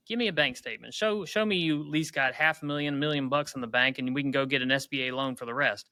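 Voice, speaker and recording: A man co-hosts a business podcast, giving blunt, practical advice as a broker. His voice is bright and a bit higher than most, and he talks at a brisk pace. The sound is dry and close to the mic. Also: dry recording. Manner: frank, direct advice. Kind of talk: casual podcast chat.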